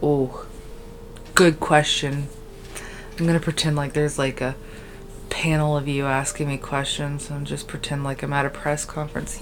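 A sleep-deprived young woman hosts a solo podcast on a podcast microphone, rambling casually and scatterbrained with lots of valley-girl fillers and trailing sentences. Her low-pitched voice is flat, at a normal speed with long pauses, over slight background noise.

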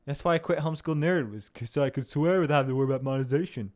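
A young Southern Illinois man hosts a podcast, delivering a chatty, self-deprecating monologue packed with fillers and swearing. His voice is on the high side and a little mellow, and he talks very fast in this casual ramble.

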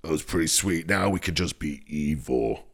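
A man's voice: rumbling low, moderate pace, vocal fry, exaggerated voice. A man voicing a sinister, male demonic darkness that gloats and mocks as he retells a game. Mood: gloating.

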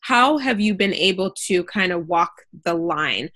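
A woman's voice: lowish voice, lively intonation, a little slow, bright, forceful tone. A woman hosting a podcast, asking long, thoughtful, winding questions with frequent fillers. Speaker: podcast host. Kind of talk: interview questions, casual.

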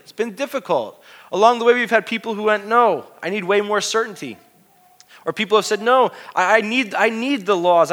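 A middle-aged pastor preaches with passion in a high-sitting voice, moving from hushed tones to loud exclamations.

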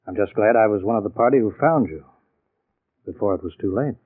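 A shrewd, calm captain with a slightly low, husky voice who probes patiently. It sounds thin and tinny, as in an old radio play. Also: male voice, a little fast. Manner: calm, probing. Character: calm, shrewd middle-aged police captain. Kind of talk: 1940s radio acting.

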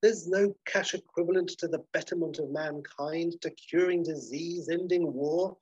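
A man's voice: fairly high pitch, normal speed, darkish tone, breathy edge, highs cut off, pitched above the performer's own voice. A man voicing a pompous, harried middle-aged hotel owner who talks down with lofty exasperation. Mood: haughty.

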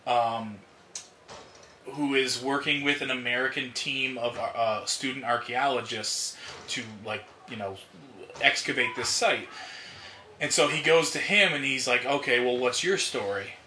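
A man's voice: medium pitch, measured pace, bright, forceful tone. A man telling a long rambling story in casual chat, swearing and laughing often. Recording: echoey room, faint noise.

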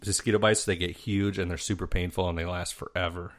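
Low-voiced man telling stories deadpan. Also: quick pace. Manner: storytelling, deadpan jokes. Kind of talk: casual chat.

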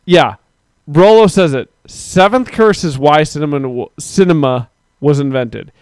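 A man's voice: on the high side, measured pace, a little mellow, dry recording. A man hosting a live stream, chatting casually and rambling as he reads out viewers' comments. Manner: rambling, talks to chat viewers, mock-quotes people. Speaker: podcast host.

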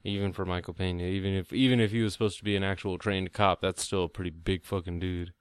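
A man's voice: deep voice, fairly even intonation, fast, clear, resonant tone, no room sound. A man in casual, profane movie chat, rambling and acting out scenes.

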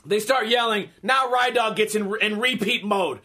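A man's voice: high-pitched, moderate pace, hardly any pauses, bright, forceful tone. A man in his thirties telling a comic story in a profane, exasperated rant.

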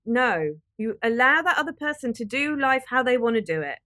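A woman, hosting a podcast and giving earnest, direct, gently emphatic advice. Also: fairly high pitch, animated, moderate pace, hardly any pauses. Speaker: podcast host. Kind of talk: motivational advice talk.

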